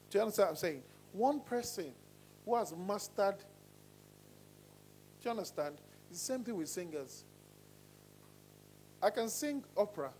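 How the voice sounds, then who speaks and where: Animated vocal coach, high voice. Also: male voice, moderate pace, long pauses, slight background noise, poor audio. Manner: animated, demonstrating voices with sudden pitch swings. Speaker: singing coach. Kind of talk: voice lesson to a class.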